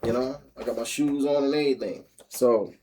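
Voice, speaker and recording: A man's voice: medium pitch, steady tone, a little fast, dark tone, slight background noise. A man vlogging about his homestead, telling a personal story in a casual, rambling way with frequent restarts and laughs.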